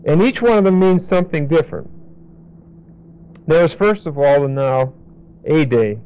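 A man teaching a Bible lesson verse by verse, deliberately repeating and spelling out key words. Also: on the high side, lively intonation, clear, resonant tone. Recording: dull lo-fi recording.

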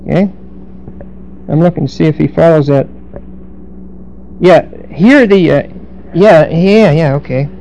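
Middle-aged male preacher, mellow dark voice, teaching scripture with grammar asides and humor; faint background hiss. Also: a little high, a little slow, long pauses, rough recording. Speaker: pastor. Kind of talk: verse-by-verse sermon.

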